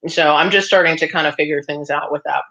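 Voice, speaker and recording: Fast and fairly bright, a woman's low-pitched voice holds a fairly even intonation as she hosts a casual crafting livestream. She's chatty, answering the viewer comments she reads aloud, with lots of laughter and ums. Audio is slightly dull and lo-fi.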